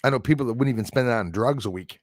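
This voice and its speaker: A man's voice: mid-range voice, very fast, dry recording, studio quality. A man hosting a livestream, chatting casually and jokily while answering viewer comments, with frequent chuckles. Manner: rambling, jokey, chuckles often.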